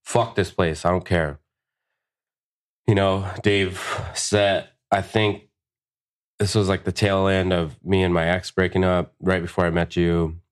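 A man's voice: sits low, unhurried, smooth. A young man telling a long, profanity-filled story on a podcast, acting out the lines of the people in it. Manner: profane, animated storyteller who acts out quotes. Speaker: guest tattoo artist.

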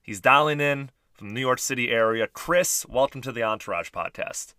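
Upbeat male podcast host, crisp dry sound. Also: mid-range voice, normal speed, bright, forceful tone, no echo. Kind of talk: casual podcast chat.

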